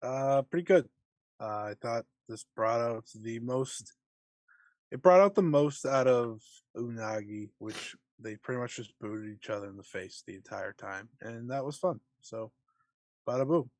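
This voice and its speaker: A man's voice: mid-range voice, a little slow, darkish tone, dry recording. A tired man co-hosting a casual wrestling podcast, wry and emphatic in bursts, otherwise sleepy and mumbling. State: tired, yawning. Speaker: podcast co-host.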